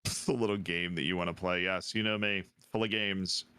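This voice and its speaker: A man's voice: deep voice, steady tone, a little fast, pushed and bright, clear, resonant tone, no echo, studio quality. A man bantering with friends on a voice call during a group game, firing off teasing comebacks. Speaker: player in an online group game.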